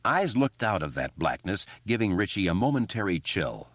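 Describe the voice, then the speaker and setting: Deep-voiced man narrating an audiobook. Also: moderate pace, no room sound, lo-fi sound. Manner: expressive reading with character voices. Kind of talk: scripted narration.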